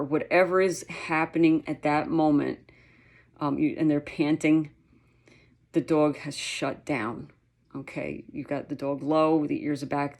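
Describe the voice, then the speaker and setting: A woman with a low-pitched voice gives a relaxed lesson on reading dogs' signals. She talks in a loose, chatty way, full of fillers, and now and then imitates a dog's sounds. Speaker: dog trainer. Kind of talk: casual instructional talk.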